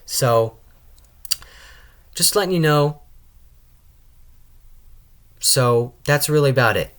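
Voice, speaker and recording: A man's voice: medium pitch, slow pace, a bit bright. A young man hosting a casual tier-list video, talking loosely with frequent stutters, restarts and tag questions. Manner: stutters and restarts often, keeps adding "all right?". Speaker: channel host ranking video game characters.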